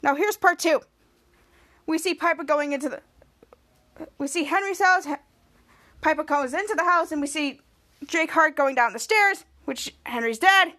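A woman's voice: high voice, moderate pace, long pauses, pushed and bright. A young adult woman hosting a podcast, giving a rambling casual recap and stringing scenes together. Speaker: podcast host.

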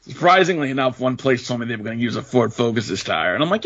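Guy, husky voice, lively swinging pitch, heavy swearing, dull lo-fi podcast sound. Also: fast talker. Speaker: podcast co-host. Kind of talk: casual storytelling chat.

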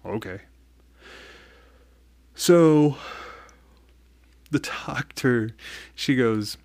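Casual male vlogger, low-pitched, candid and profane, halting speech, dry close sound. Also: no echo. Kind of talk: casual personal storytelling.

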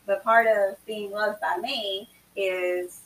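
A woman's voice: mid-range voice, takes it slowly. A woman co-hosting a podcast, chatting casually and telling stories with emphatic energy. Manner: emphatic, animated storytelling. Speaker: podcast co-host. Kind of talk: casual chat. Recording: distant mic with faint hiss.

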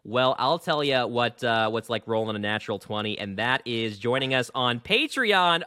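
A man hosting a casual gaming podcast, rambling and animated with lots of fillers. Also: mid-range voice, moderate pace, hardly any pauses, over music. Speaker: podcast host.

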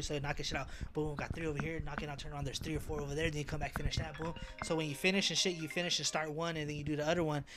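A young man, a podcast guest, telling animated, slang-heavy stories full of swearing. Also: on the high side, slight background noise. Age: young adult. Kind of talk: casual storytelling.

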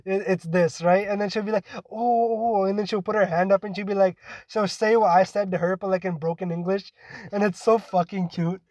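A man's voice: sits high, level tone, fairly quick, darkish tone, no room sound. A young man co-hosting a podcast, rambling through stories in casual chat, laughing often and swearing freely. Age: young adult. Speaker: podcast co-host. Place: in a car.

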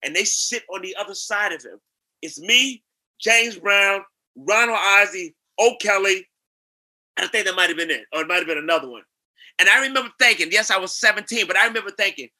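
A man from New York spins lively anecdotes as an interview guest, slipping into other people's voices as he goes. His voice sits high for a man and sounds very bright and forceful. The storytelling is animated and casual. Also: a little fast. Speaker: guest, singer and actor.

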